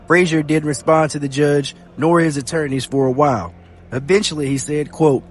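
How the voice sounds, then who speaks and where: A man hosting a podcast, reading news reports aloud in a steady read-aloud delivery. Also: a little high, normal speed, a little hiss or hum. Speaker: podcast host. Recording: faint music bed behind.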